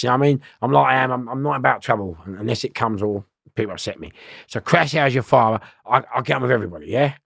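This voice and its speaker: Man, middle-aged, gravelly voice, dry close sound, rambling slangy storyteller who swears a lot. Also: mid-range voice, a bit bright, no room sound. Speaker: guest telling prison stories. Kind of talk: casual storytelling interview.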